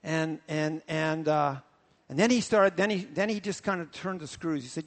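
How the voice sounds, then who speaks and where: Pastor preaching, high and animated, long echo of a large hall. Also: male voice, normal speed. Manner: animated storytelling, repetitive. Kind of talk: sermon.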